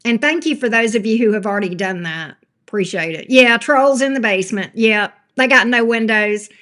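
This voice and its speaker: This older tarot streamer has a fairly high, expressive voice with a fairly bright tone, and she talks briskly. Casual and chatty, she greets viewers by name and doesn't hold back her blunt, sassy remarks.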